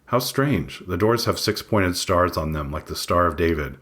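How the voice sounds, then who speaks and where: A man reading his own memoir aloud in first person, measured, matter-of-fact and wry. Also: low-pitched, animated, fairly bright tone. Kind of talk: first-person audiobook narration.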